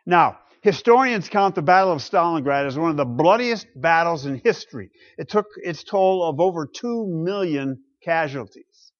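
A man preaching a sermon slowly and deliberately, reading scripture and telling history with dramatic pauses. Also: a little high, expressive, no room sound, lo-fi sound. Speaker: pastor.

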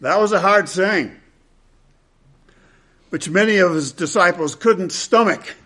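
A male preacher delivering an expository sermon at a slow, deliberate pace, his voice sitting a little higher than most men's. He repeats phrases for emphasis, rising to loud, emphatic peaks and then dropping into hushed, low tones.

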